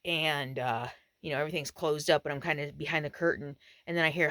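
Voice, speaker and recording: A woman's voice: low voice, a little fast, few pauses, no echo. A woman RV vlogger telling a story to the camera from inside her camper, acting out what was said. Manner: animated retelling, acts out quotes. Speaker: RV travel vlogger.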